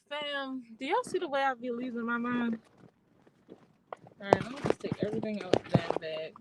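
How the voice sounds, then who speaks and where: A woman's voice: on the high side, normal speed. A young woman vlogging from her parked car, talking to viewers in a flustered, chatty way and swearing often. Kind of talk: casual vlog talking to viewers. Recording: noticeable background noise.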